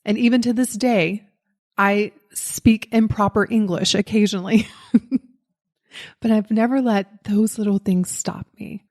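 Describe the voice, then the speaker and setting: A woman with a Southern US accent talks into a podcast microphone. She tells her own story in an easy, candid way and pokes fun at herself. Her voice sits at an everyday middle pitch. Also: steady tone, measured pace, a little mellow. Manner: candid and self-deprecating, laughs at herself. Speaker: podcast host. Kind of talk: personal storytelling monologue.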